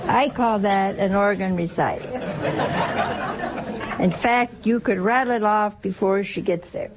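A woman delivers a sermon-style teaching talk at an unhurried pace. She slips in teasing humor and keeps asking rhetorical questions. Her voice sits at a medium pitch over a faint hiss. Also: a crowd in the background. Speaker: religious teacher.

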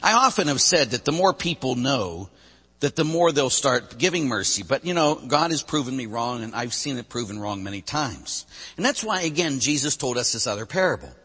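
A man, a Catholic priest preaching a sermon, swinging between loud bursts and hushed drops. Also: medium pitch, sing-song, normal speed, breathy edge. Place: church. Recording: long church reverb.

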